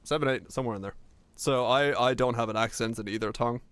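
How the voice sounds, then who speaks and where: A man's voice: mid-range voice, fast, fairly bright tone, smooth, no room sound. A streamer from Finland with an American accent carrying slight Southern touches, rambling casually as he answers chat.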